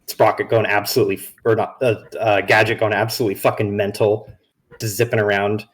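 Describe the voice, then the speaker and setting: A man's voice: fairly low pitch, level tone, fairly quick. A man narrating a tabletop game as game master on a live stream, in a loose and rambling way with many restarts.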